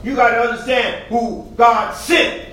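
A man preaching a sermon, building to shouts and punctuating lines with 'praise the Lord'. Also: very high voice, steady tone, measured pace. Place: church. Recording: echoey room, voice from a distance.

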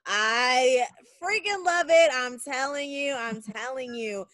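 A woman's voice: high-pitched, slow pace, fairly bright tone, no room sound. A woman hosting a podcast, full of enthusiastic praise as she wraps up a casual interview over a video call. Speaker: podcast host.

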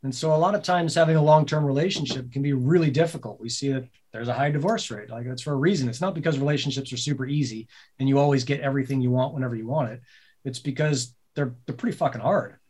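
A man telling a personal story in a casual podcast conversation, animated and swearing freely, laughing as he goes. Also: medium pitch, fast talker, slightly rough. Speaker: podcast guest, business co-owner.

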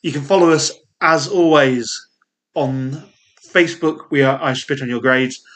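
A man with a Yorkshire accent chatting on a casual podcast in a voice of middling pitch. He rambles cheerfully through asides and laughs often. He is recorded on a podcast mic. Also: a little slow, a bit bright. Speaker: podcast co-host.

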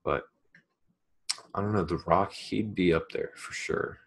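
Low-voiced young man, relaxed chat. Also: a little slow, rough recording. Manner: relaxed, rambling, hesitant starts. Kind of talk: casual chat.

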